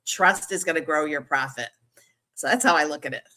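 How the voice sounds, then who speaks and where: A woman's voice: sits low, pushed and bright. A middle-aged woman speaking as a podcast guest, chatting enthusiastically and promotionally. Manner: enthusiastic, quick to laugh, promotional. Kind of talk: casual interview chat.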